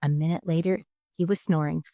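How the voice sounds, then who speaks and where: A woman reading a children's storybook aloud in an expressive, dramatic narrating style. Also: sits low, fairly quick, no echo, clean studio sound.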